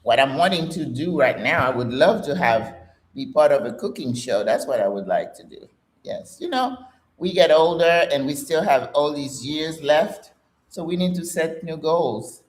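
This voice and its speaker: An older Caribbean woman who hosts a fitness channel leads a live workout class, chatting with viewers in an encouraging way. She has a deep, expressive voice at normal speed, and the roomy, echoing recording carries a little hiss or hum.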